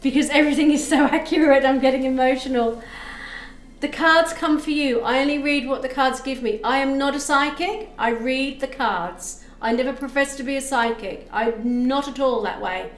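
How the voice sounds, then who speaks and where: A woman's voice: sits high, normal speed, few pauses, a bit bright. A woman giving a live tarot reading on stream, chatting with viewers and thanking them as she explains the cards. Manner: chatty, reads chat aloud, thanks viewers. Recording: echoey room with faint music.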